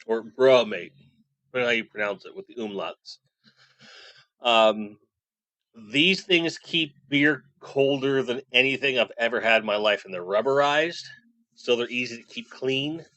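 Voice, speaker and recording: A man's voice: mid-range voice, sharp tone, dry recording. A man in his forties chatting casually on a live stream, reading chat messages aloud and rambling. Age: 40s.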